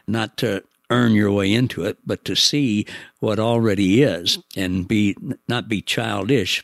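A man hosting a casual faith interview, speaking in a gentle, admiring way. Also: fairly low pitch, moderate pace, dry recording, clean studio sound. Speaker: host.

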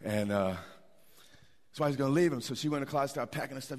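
A middle-aged man preaching a sermon, animated, with repetitions and asides to the congregation. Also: medium pitch, fast. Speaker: pastor.

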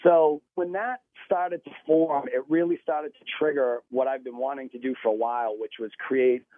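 A man's voice: medium pitch, steady tone, moderate pace. A man calling in to a radio interview, chatty and telling stories, laughing easily. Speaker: guest musician calling in. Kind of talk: phone interview. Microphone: phone. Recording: tinny phone line.

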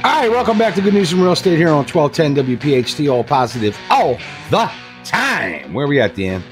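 A man's voice: on the high side, animated, fast, music in the background. A man co-hosting a talk radio show in a studio, chatty and jovial as he tells a joke. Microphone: studio microphone.

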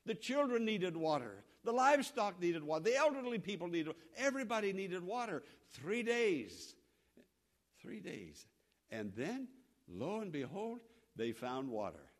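A man preaching a sermon as pastor, repeating phrases for emphasis and swinging between loud appeals and soft asides. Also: sits high, big pitch swings, normal speed.

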